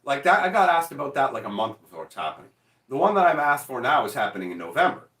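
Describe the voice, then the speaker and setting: Casting: forty-something male streamer, bright edge, swearing and excitable, roomy sound set back from the mic. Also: medium pitch, quick pace, recorded from a distance. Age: 40s. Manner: profane, excitable, self-mocking. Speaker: streamer answering chat. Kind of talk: casual livestream chat.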